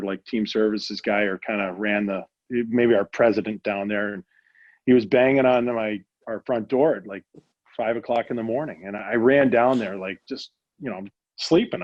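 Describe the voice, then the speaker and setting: A middle-aged American man, a hockey executive appearing as a guest, tells hockey stories in a casual interview. His voice is fairly low, and he rambles with many restarts and fillers; the recording is dry and sounds dull.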